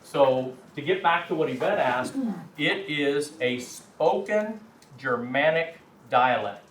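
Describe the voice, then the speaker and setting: Speaking slowly and expressively, a man with a rather high, slightly bright voice teaches a language class with chatty emphasis. The recording, made with a distant mic in an echoey classroom full of students, has slight background noise.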